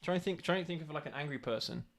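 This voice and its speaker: A man's voice: on the high side, rapid-fire, vocal fry, fairly bright tone. A man co-hosting a casual live stream, laughing often and coaxing his partner along.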